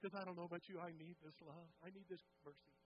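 A high-pitched man preaches in a church, his voice rising and falling as he tells the story. The recording is dull and lo-fi, with a faint hum underneath. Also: fast. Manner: animated, acts out quotes with rising pitch and volume, drops to hushed tones. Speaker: pastor. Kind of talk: sermon storytelling. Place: church sanctuary.

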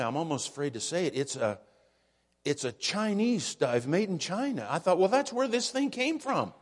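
An older man preaching as pastor, telling jokey stories in a folksy, unhurried way. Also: fairly high pitch. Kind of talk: sermon with casual storytelling. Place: church sanctuary. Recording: church hall with long reverb.

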